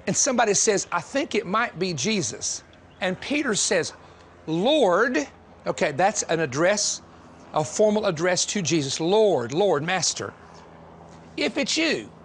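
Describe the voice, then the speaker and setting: A man from the southern United States preaching a sermon, telling stories in an animated, joking way and laughing often. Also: sits high, slight background noise. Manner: animated, humorous storytelling with frequent laughter.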